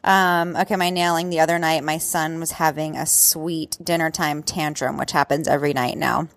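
A woman's voice: sits low, steady tone, moderate pace, dry recording. A woman in her thirties, co-hosting a casual chat, telling stories with animation and laughter. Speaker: podcast co-host.

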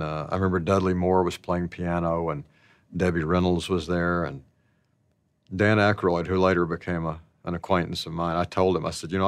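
A man telling stories about his past in a slow, rambling, casual way, laughing often. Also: deep voice, gravelly, no echo. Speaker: interviewee. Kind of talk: casual storytelling.

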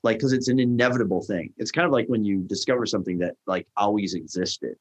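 A middle-aged man in a casual chat, telling a story with lively energy and acting out the lines of the people he quotes. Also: fairly low pitch, fast. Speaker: guest, restaurant founder.

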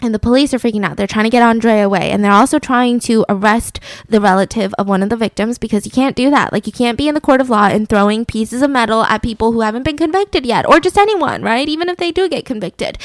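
Animated woman telling a crime story. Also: fairly high pitch, dry recording. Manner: animated storytelling, acts out quotes, swears freely. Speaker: podcast co-host telling a true crime story. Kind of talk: casual chat.

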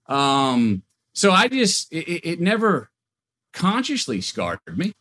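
A man who is a guest on a podcast, talking in a casual, animated storytelling way with frequent restarts and repeated words. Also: fairly high pitch, takes it slowly, a little hiss or hum.

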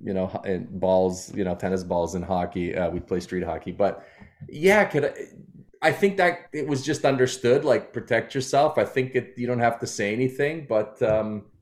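A man's voice: lowish voice, normal speed. A man guesting as a comedian, telling rambling, self-deprecating stories in casual chat.

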